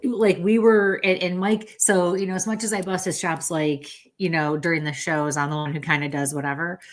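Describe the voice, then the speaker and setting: Middle-aged woman, low voice, chatty guest who laughs a lot and doesn't mind swearing. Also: fairly even intonation, normal speed. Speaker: podcast guest, medium. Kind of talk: casual chat.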